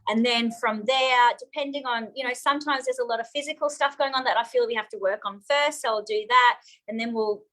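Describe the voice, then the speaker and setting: A woman speaks as a guest in a live interview. Her voice sits fairly high and sounds bright and forceful. She tells personal stories openly and with feeling. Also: a little fast, few pauses, low-quality recording. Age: 40s. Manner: open, emotional personal storytelling. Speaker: guest, therapist.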